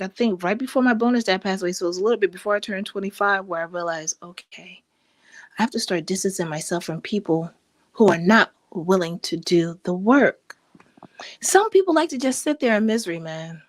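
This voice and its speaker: A woman in her thirties hosting a casual livestream chat, talking in an expressive, rambling way with frequent restarts and laughs. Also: dry recording. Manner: animated and expressive, pitch swinging high and low. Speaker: host.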